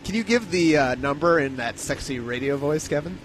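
A man's voice: on the high side, lively intonation, brisk, slight background noise, rough recording. A man on a radio show, joining the banter with short playful remarks. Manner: playful interjections.

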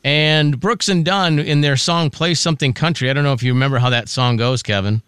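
A man's voice: fairly high pitch, fairly quick, fairly bright tone, clean tone, no echo, studio quality. A man co-hosting a casual morning radio show, chatting and joking through entertainment news. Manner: chatty, jokey storytelling. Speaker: radio co-host. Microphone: studio mic.

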